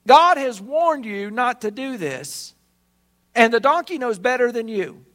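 Pastor, high voice, lively storytelling sermon. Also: male voice, a little slow. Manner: animated storytelling, acting out the characters.

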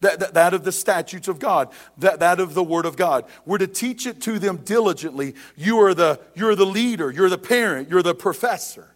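A man's voice: high voice, moderate pace, hardly any pauses. A man preaching a sermon as pastor, emphatic and repetitive, speaking straight to the congregation.

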